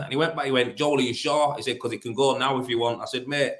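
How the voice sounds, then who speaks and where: A man's voice: medium pitch, fairly even intonation, fast, a bit bright. Broad Yorkshire man in a roomy echo. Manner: blunt, storytelling, lots of fillers and restarts. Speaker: plasterer and business owner. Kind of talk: casual interview chat.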